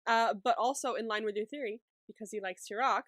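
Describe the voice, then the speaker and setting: A woman's voice: fairly high pitch, fairly bright tone, no echo, studio quality. A woman co-hosting a podcast, chatting casually with playful, joking reactions. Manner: playful, quick reactions and jokes. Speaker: podcast co-host. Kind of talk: casual recap chat.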